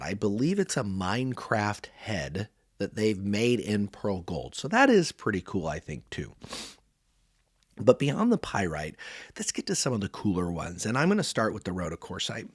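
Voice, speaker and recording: A man's voice: lowish voice, dry recording, clean studio sound. A man in his forties hosting a podcast, chatting casually and enthusiastically while reviewing a toy set. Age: 40s. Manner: chatty, rambling, enthusiastic storyteller. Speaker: podcast host. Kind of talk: casual product review chat.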